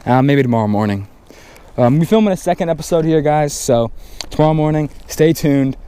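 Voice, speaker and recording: A man, talking casually while fishing a windy pond bank, getting excited and repeating himself when a fish bites. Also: fairly high pitch, a little fast, clear, resonant tone. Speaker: fishing vlogger. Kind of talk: casual outdoor vlog commentary. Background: faint wind and outdoor ambience.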